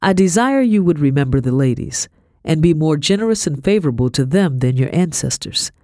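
A woman narrating an audiobook in a measured, expressive reading style. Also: sits low, no room sound. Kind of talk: scripted narration. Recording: dry close audiobook recording.

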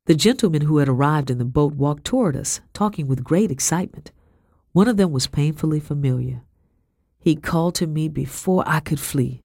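A woman narrating a first-person audiobook in a measured, steady storytelling voice. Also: low-pitched, no echo, clean studio sound.

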